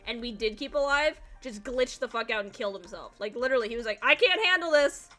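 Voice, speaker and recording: A woman's voice: on the high side, quick pace, fairly bright tone, faint music behind. A woman streaming a video game, chatting casually and sleepily, swearing freely and laughing often. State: sleepy, yawning. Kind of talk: casual chat while playing a video game.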